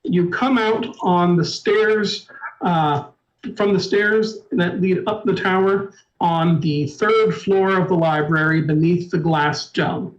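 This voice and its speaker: A man narrating a tabletop game as storyteller, in a measured, descriptive way. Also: high voice, steady tone, lo-fi sound. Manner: measured, descriptive, apologetic asides.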